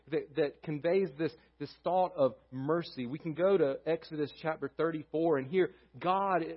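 High-voiced man preaching a sermon. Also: lo-fi sound. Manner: emphatic preaching, swinging from loud to hushed. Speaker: pastor. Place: church sanctuary.

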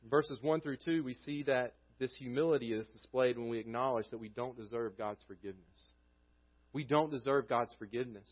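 A man preaching a sermon as pastor, earnest, his voice dropping low and quiet at the ends of phrases. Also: fairly quick, muffled recording.

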